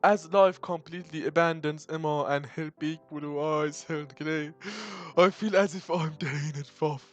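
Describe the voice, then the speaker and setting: A man's voice: fairly high pitch, steady tone, unhurried, faint music behind. Joking, swearing young man reading a visual novel. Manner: swears and jokes between dramatic reading.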